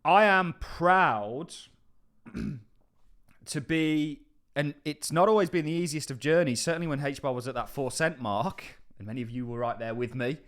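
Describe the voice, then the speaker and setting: A man's voice: fairly high pitch, measured pace, fairly bright tone. Enthusiastic man hosting a crypto channel. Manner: enthusiastic, emphatic, with frequent asides. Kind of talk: casual crypto market commentary.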